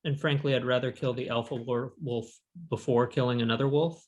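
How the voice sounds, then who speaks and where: Player, blunt and decisive, mid pitch, over a call. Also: male voice, fairly even intonation, brisk, a little mellow. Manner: blunt, decisive strategy talk. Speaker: game player.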